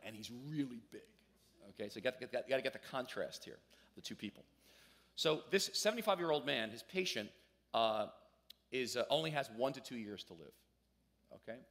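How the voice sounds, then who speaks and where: A male pastor preaching a sermon in a church, telling a story in a conversational way and rising to loud emphasis at key points. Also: medium pitch.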